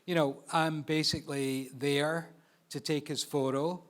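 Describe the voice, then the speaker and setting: A man's voice: fairly high pitch, steady tone, measured pace, fairly bright tone. A man with a New York accent speaking on an expo stage, telling stories and acting out the voices in them. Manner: storytelling, acts out voices in anecdotes. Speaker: photographer presenting a live shoot. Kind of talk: live stage presentation. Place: expo stage before an audience.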